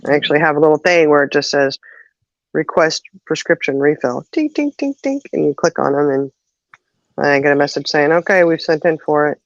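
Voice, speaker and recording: Speaking a little fast in a low, steady tone, a woman runs a casual live chat show full of stories and frequent laughs. The sound is dry, dull, and lo-fi.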